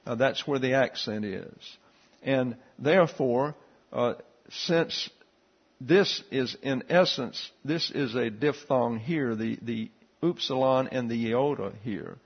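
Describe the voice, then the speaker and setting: A man teaching a Bible class, explaining Greek letters and a verse in a steady, explanatory way with frequent fillers. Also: mid-range voice, slow pace, slightly rough, muffled recording.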